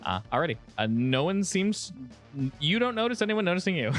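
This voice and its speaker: A man running a tabletop game narrates the scene in a lively, swinging voice, full of "uh" fillers. Faint music plays underneath. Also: sits high, fairly quick. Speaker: game master.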